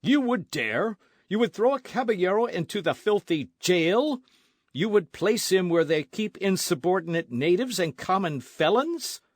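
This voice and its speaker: A proud elderly nobleman blusters and protests, as a man acts him out in an audiobook. The voice climbs high when he is insulted and stays dry and close to the mic. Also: big pitch swings, normal speed, no echo. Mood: outraged. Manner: indignant, proud, rising to shouts. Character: pompous, outraged elderly Spanish-Californian nobleman.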